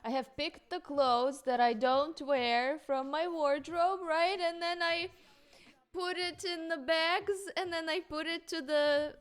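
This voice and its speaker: Brief: young Ukrainian-accented woman streamer, high-ish voice, unhurried, giggly, fumbling for words. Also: steady tone, soft background music. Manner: rambling, giggly, searches for words. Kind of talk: casual live-stream chat.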